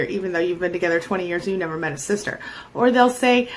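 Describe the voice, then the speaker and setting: A middle-aged woman coaching viewers about toxic relationships, talking emphatically and acting out quoted lines with sudden jumps in pitch. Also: fast talker, slight background noise. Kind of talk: direct-to-camera coaching talk.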